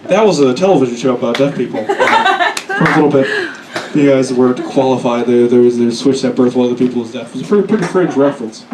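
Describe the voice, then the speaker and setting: A young man performing a stand-up set, telling crude, self-deprecating stories and slipping into quick put-on voices. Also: medium pitch, big pitch swings, background noise. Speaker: stand-up comedian. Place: comedy club stage. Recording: echoey room, mic at a distance. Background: audience laughter.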